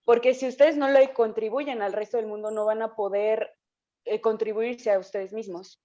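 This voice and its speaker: A woman interpreting a talk live, relaxed, with hesitations and self-corrections. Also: on the high side, a little fast. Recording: dull lo-fi call audio.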